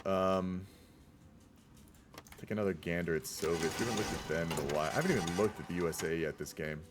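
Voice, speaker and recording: A man's voice: low-pitched, fast talker. A man giving casual, rambling commentary on a strategy game replay and chatting with his viewers. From United States. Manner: rambling, chatty, talks to the chat. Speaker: game caster.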